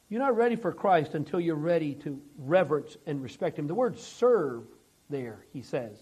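A man preaching a sermon with dynamic delivery, swinging from loud emphasis to hushed, intense passages. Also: high voice, lively intonation, fairly quick, husky, low-quality recording. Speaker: pastor.

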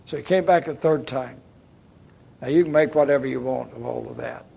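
A man's voice: medium pitch, steady tone, brisk, creaky, slight background noise. An older man pastor delivering an emphatic sermon, addressing the congregation as folks and checking in with okay. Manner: emphatic, repeats "okay?" and "folks", swings from loud to hushed.

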